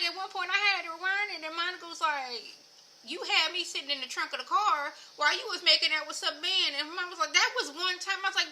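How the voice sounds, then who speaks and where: Chatty woman with a bright, high voice. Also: a little hiss or hum, low-quality recording. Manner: animated, chatty, lots of filler words. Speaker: reality TV recap vlogger. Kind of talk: casual recap chat.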